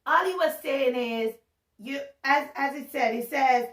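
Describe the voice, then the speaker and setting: A woman giving a casual, animated Bible talk, chatty and joking at her own expense. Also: high-pitched, unhurried. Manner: chatty and animated, laughs at herself. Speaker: Bible teacher. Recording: roomy sound from a distance.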